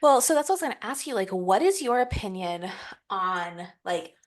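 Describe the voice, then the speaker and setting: A woman co-hosting a podcast in casual chat, speaking conversationally, asking questions and reacting quickly. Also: mid-range voice, very animated. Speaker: podcast co-host.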